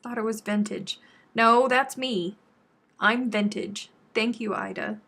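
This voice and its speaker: A woman's voice: fairly high pitch, unhurried, vocal fry, fairly bright tone. A middle-aged woman from Texas, casually chatting and answering viewer comments on a crochet live stream. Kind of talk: casual live-stream chat while crafting.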